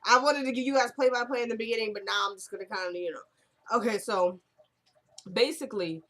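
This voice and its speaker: A woman chatting casually through a recap of a TV episode, retelling the scenes line by line with lively, laughing asides. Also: fairly high pitch, a little fast.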